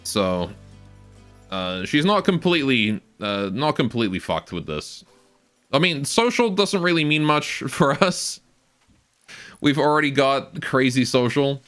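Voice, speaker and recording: A man's voice: mid-range voice, sing-song, a little slow, a bit bright, faint music behind. A young man casually commenting on his game live, rambling, joking and often laughing, on a close cheap stage mic. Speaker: game streamer.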